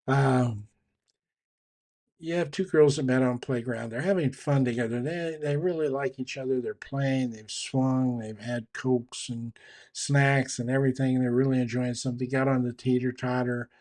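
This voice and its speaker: A man's voice: mid-range voice, fairly even intonation, normal speed, darkish tone. A man giving a conversational, explanatory talk on trust and leadership, with frequent restarts. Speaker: trainer on communication and leadership.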